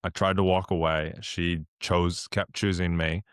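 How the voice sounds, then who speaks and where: A man's voice: little pitch movement, measured pace, clean tone, no room sound, clean studio sound. A man hosting a podcast interview, talking earnestly and emotionally, at times getting teary. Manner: mimics himself with a much higher voice in quoted asides. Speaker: podcast host. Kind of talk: casual interview chat.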